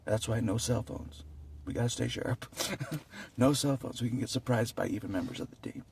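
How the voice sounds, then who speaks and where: Man, casual rambling monologue, very gravelly, a bit off-mic, faint noise behind. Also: mid-range voice, moderate pace, darkish tone, distant mic. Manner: laughs often, repeats himself, earnest and rambling.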